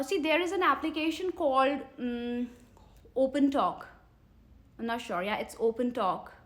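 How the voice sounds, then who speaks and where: Indian english lady teacher on a livestream, bit high voice, keeps asking "getting it?" and answers comments. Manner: earnest, coaxing, repeats questions to viewers; pauses to read and answer viewer comments. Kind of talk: live-stream coaching talk.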